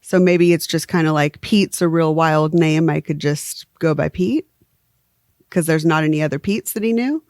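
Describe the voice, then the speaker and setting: A woman's voice: sits low, normal speed, darkish tone, dry recording, clean studio sound. A woman co-hosting a true crime podcast, chatting casually and laughing often. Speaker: podcast co-host. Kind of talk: casual chat.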